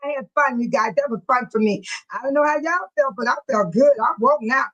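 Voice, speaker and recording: A woman's voice: high-pitched, brisk, a bit bright, highs cut off. A middle-aged woman hosting a casual livestream, reading chat comments aloud and laughing often. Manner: sweating and fanning herself after dancing. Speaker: livestream host.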